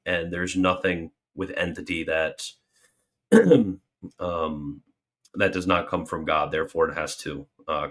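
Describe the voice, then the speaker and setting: Deep-voiced man joking through a stream Q&A. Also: bright, forceful tone. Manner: jokey, exaggerated mock alarm, then earnest explanation. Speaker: livestream host answering super chats. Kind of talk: casual livestream Q&A.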